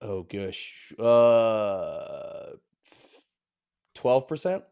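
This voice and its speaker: A man's voice: lowish voice, very animated, drawn-out words, a little mellow, clean tone. A man analyzing fantasy football on a live stream, giving short, blunt picks with playful banter. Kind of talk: casual live-stream chat.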